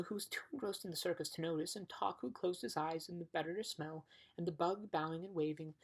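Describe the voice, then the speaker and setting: Low, husky woman reading a storybook. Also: rough recording. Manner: occasional stumbles and restarts. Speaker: audiobook reader.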